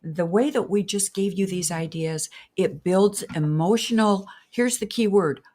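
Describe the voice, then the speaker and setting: An older woman co-hosting a marriage podcast, speaking earnestly and warmly, often speeding up into quick asides. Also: medium pitch. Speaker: co-host. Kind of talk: casual podcast chat.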